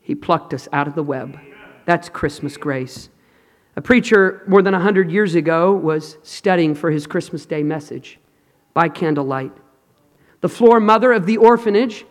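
High-voiced preacher in a reverberant hall. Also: male voice. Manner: dramatic, swings from hushed to loud. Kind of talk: sermon. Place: large hall with an audience.

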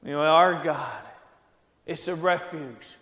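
A man preaching a sermon, slow and earnest, building to emphatic high peaks. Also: a bit bright, echoey room, in a large hall.

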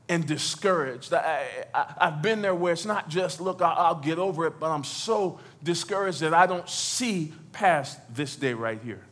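Preaching man, conversational, building loud. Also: fairly high pitch. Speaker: pastor. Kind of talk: sermon.

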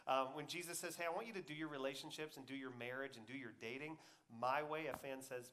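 Bright-voiced man preaching a sermon. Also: mid-range voice, fairly even intonation, quick pace. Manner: swings between loud emphatic peaks and quiet intimate asides; acts out quoted voices conversationally. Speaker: pastor.

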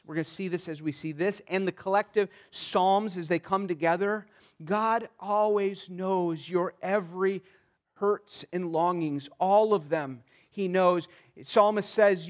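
A man with a high-pitched voice delivers an expository sermon. His delivery is earnest and pleading. He drops soft and then swells with emphasis as he works through the text. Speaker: pastor.

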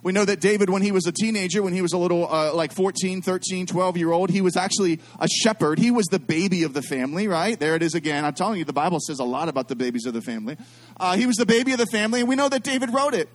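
Middle-aged male preacher with a high-pitched voice, animated and repetitive, drawing the congregation into call-and-response. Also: quick pace. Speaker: pastor. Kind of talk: sermon.

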